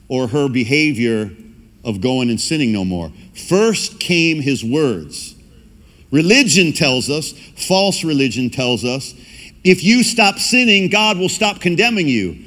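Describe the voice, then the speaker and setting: A male pastor preaching a lively sermon, acting out quoted voices as he goes. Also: mid-range voice. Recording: long hall reverb.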